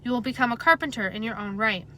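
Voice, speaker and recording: A woman voicing a wounded male colonial captain who speaks in a hoarse, quiet, grave way. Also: on the high side, fast, a little hiss or hum, poor audio. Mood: grave, weary. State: hoarse whisper.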